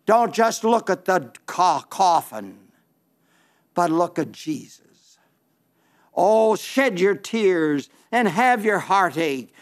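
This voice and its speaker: A man preaching a sermon in an earnest, pleading way, drawing out his emphases slowly. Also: high-pitched.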